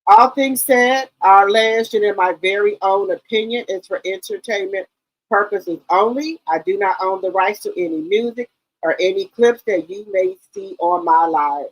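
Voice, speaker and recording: A woman's voice: medium pitch, normal speed, no echo, poor audio. A woman hosting a casual live stream, greeting viewers one by one and rambling loosely with many ums.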